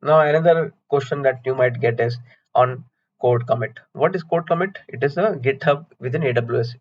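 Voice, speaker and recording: A man's voice: mid-range voice, moderate pace, highs cut off. A man teaching a certification course, chatty, asking and answering his own questions with homely analogies. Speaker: instructor. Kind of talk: recorded certification lecture.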